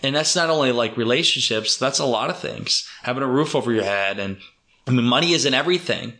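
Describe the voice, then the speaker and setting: A man's voice: mid-range voice, expressive, fairly quick, sharp tone. A man hosting a podcast, chatting casually and eagerly, asking follow-up questions. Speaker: podcast host. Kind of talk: casual interview chat.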